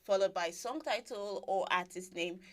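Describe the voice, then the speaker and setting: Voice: mid-range voice, normal speed. Upbeat giggly radio host. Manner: upbeat and giggly, explains the voting rules. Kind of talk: casual live radio chat.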